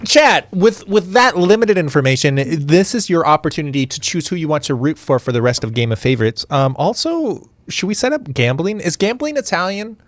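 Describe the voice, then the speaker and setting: A man's voice: on the high side, big pitch swings, fairly quick, hardly any pauses, no echo. A man hosting a casual streamed game show, playful and laughing, with hesitant fillers.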